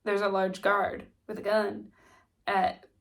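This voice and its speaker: A woman's voice: medium pitch, level tone, slow pace, gravelly. A woman with a stuffy nose casually recapping a TV series, chatty and full of "like" and "um". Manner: chatty, lots of "like" and "um" fillers. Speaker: TV recap vlogger.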